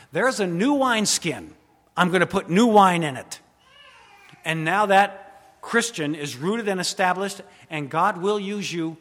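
A slightly high-voiced pastor preaches dramatically, his words trailing off in the long reverb of a large hall. He builds to loud, emphatic moments, then falls back into quiet, intimate asides.

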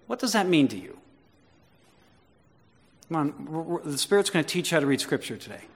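In a sermon recorded with long hall reverb, a male pastor talks briskly in a fairly high, animated voice. He chats with and questions the congregation, building up to repeated, emphatic declarations.

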